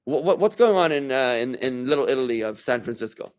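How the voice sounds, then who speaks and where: A man's voice: medium pitch, expressive, fast talker, clean tone. A man, a rabbi, giving an informal class to a small group in a room, talking casually and quizzing his listeners as he goes. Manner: conversational, asks the room questions, many restarts.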